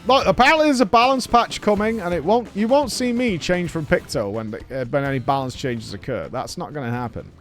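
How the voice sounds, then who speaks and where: A man streams an online game and talks the whole time, cheering on his team, joking and cursing freely. His voice sits a little high and swings a lot in pitch. Faint game music plays under his chatter. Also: a little fast, hardly any pauses. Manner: lively, joking, swearing, cheering on teammates. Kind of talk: casual gaming stream chatter.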